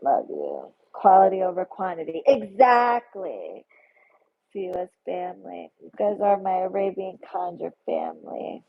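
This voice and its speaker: A woman's voice: lowish voice, wildly swooping pitch, measured pace, vocal fry. A woman hosting a casual livestream, chatty and effusive as she reads out viewer comments. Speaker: tarot livestream host. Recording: phone-like narrow sound.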